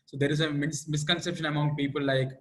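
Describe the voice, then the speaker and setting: A man's voice: fairly high pitch, little pitch movement, fast talker, fairly bright tone, poor audio. A man with an Indian English accent moderates a Q&A session. He reads out audience questions and stumbles through them with many fillers. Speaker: host reading audience questions. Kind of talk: live Q&A moderation.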